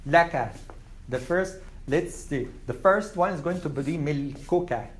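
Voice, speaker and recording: A man teaching an Arabic class, repeating words slowly for his students. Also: fairly high pitch, slight background noise. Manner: slow, repeats words for learners.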